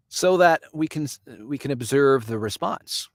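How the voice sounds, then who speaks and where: A man's voice: medium pitch, animated, normal speed, no echo, studio quality. A man from Canada hosting a casual live stream. He reads viewer comments aloud, answers people by name and chuckles often.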